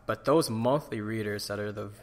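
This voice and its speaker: A man's voice: lowish voice, normal speed, a little mellow. A man co-hosting a podcast in casual chat, opinionated and ranting about what annoys him. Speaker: podcast co-host.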